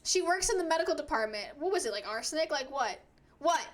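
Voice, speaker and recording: A woman's voice: sits high, expressive, fast talker. A woman streaming a game and reading it aloud, chatting playfully with jokey outbursts. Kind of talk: casual gameplay stream commentary. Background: loud game music.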